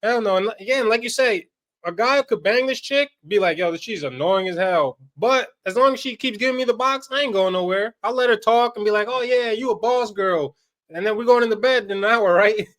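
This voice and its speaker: Male podcast co-host, high pitch, blunt and crude, laughs through his lines. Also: quick pace, fairly bright tone. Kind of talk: casual podcast chat.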